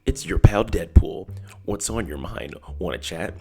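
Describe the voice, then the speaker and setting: A man loudly reading out the snarky, mock-theatrical lines of a cocky wisecracking male chatbot, with music behind. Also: sits low, animated, measured pace. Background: background music.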